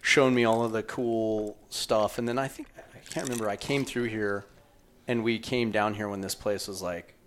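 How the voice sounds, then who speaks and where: A man in his thirties hosts a laid-back podcast conversation, his voice on the low side. He talks loosely and swears freely, recalling shared times before asking his guest a question. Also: moderate pace, slight background noise. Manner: relaxed, profane, recalls shared past with guest. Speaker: podcast host. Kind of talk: casual interview chat.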